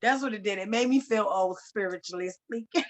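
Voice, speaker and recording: Slangy, animated woman podcast host. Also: medium pitch, brisk. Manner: animated, slangy storytelling with swearing. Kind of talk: casual chat.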